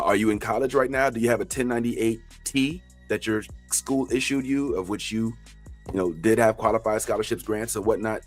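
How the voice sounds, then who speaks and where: Leading a class on tax preparation, this fairly low-pitched man keeps things lively with jokes and bursts out now and then like a preacher.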